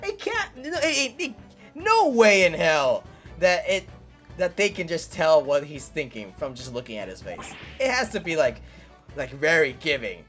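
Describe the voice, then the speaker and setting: A young woman plays through a story game on stream, talking over it freely. Her voice sits low but swings widely in pitch. She swears casually and laughs at the plot. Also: very animated, normal speed, a bit bright, soft background music. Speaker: gaming streamer. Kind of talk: let's-play commentary, reading game dialogue aloud.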